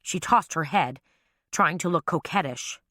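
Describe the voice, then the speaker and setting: Low-voiced woman narrating a mystery. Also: unhurried, pushed and bright, dry recording, clean studio sound. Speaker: audiobook narrator. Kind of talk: scripted narration.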